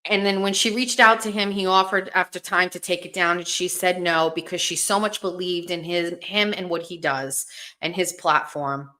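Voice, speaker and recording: A woman hosts a casual livestream, speaking bluntly to her viewers with lots of swearing and rambling restarts. Her voice is fairly low, steady, and sharp, at a normal speed.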